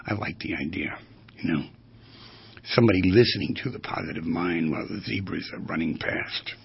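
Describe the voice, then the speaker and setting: A man speaking as a therapist in a lecture-style monologue, animated and full of rhetorical questions, with a gravelly, husky voice. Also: sits low, brisk. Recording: dull lo-fi recording.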